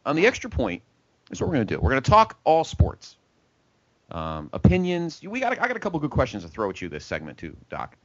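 A man's voice: medium pitch, wildly swooping pitch, fast, no echo. A man hosting a sports talk show in a casual, joking, rambling style. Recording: dull, lo-fi podcast audio.

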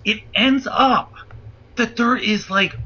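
A man telling a wild story as a guest, animated and profane, acting out the voices of the people in it. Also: extremely high pitch, slow pace, slight background noise. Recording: muffled lo-fi audio.

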